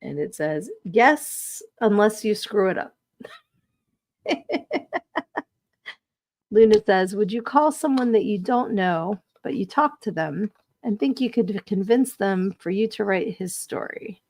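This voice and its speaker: A woman's voice: medium pitch, expressive, unhurried, darkish tone. A chatty woman hosts a live podcast stream, reading out viewer comments in a casual way. She laughs easily and keeps up a loose, friendly flow of talk. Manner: chatty, reads viewer comments aloud, giggly. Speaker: podcast host.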